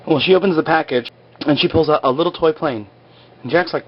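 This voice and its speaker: A man's voice: fairly high pitch, fairly quick, dull audio. A man casually recapping a TV episode over stick-figure drawings, chatty and rambling with lots of "like". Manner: chatty, rambling, full of "like" and acted quotes.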